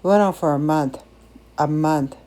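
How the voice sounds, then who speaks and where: Mellow-voiced older woman telling a story. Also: low voice, normal speed. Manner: emotive, chatty, with restarts and laughs. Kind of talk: casual personal storytelling.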